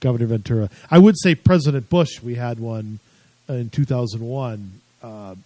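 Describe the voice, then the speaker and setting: A man's voice: mid-range voice, normal speed, warm tone, no room sound, low-quality recording. A married man co-hosting a casual political talk show, chatty and rambling, often amused. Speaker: co-host.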